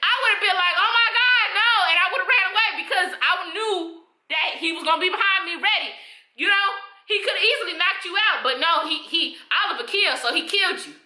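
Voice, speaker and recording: A young woman reviewing TV episodes in a casual, animated, slangy reaction style. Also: extremely high pitch, fairly quick. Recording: roomy echo.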